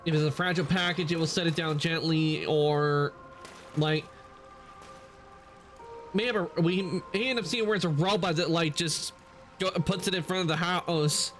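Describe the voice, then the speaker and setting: Male streamer, slightly high voice, loose rambling chat over gameplay. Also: steady tone, moderate pace, long pauses, a bit bright, soft background music. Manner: rambling, heavy with "like" fillers.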